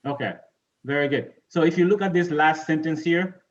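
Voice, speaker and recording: A man's voice: on the high side, normal speed, dull audio. A man teaching English pronunciation to a class over a video call, casual and repeating "you know" and "right?".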